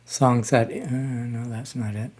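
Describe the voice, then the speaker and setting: An older man in his sixties talks slowly and haltingly, pausing on ums and starting over as he reacts to music. His voice sits at an ordinary middle pitch for a man. He sounds relaxed and conversational, as if chatting to his viewers. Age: 60s. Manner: halting and unhurried, frequent ums and restarts. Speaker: reaction channel host. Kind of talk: casual music reaction commentary.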